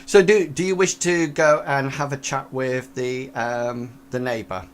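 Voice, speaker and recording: A man's voice: mid-range voice, fairly even intonation, unhurried, smooth. A man running a tabletop role-playing game as game master, rambling with many fillers and restarts.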